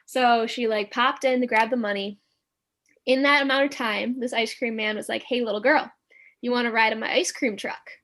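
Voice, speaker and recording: A young woman telling a story as a podcast guest, animated and acting out the quotes, with many filler words. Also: fairly high pitch, normal speed. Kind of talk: casual storytelling.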